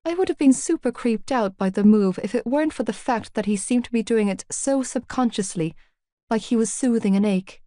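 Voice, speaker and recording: A woman narrating a first-person novel in a steady, even storytelling manner on a close mic. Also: medium pitch, no echo. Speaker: audiobook narrator.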